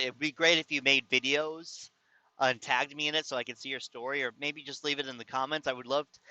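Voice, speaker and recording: A man's voice: medium pitch, sharp tone, clear, resonant tone, dry recording, dull audio. A man telling a personal story to his viewers in a casual, rambling way, often exasperated and restarting his sentences. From California. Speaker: vlogger.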